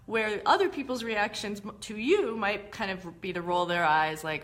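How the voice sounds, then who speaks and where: A woman's voice: medium pitch, normal speed, few pauses, a bit bright. A woman hosting a live-streamed talk, explaining ideas in a conversational, explanatory way. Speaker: host.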